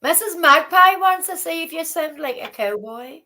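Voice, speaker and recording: A woman's voice: very high-pitched, lively intonation, moderate pace, sharp tone. A woman hosting a live stream, chatty and giggly, playfully scolding her guests. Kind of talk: casual chat.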